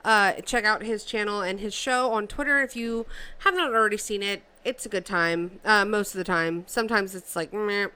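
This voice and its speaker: A woman's voice: mid-range voice, normal speed, bright, forceful tone, clear, resonant tone. A woman hosting a casual commentary vlog, reacting to clips in a sarcastic, mocking way. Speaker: channel host.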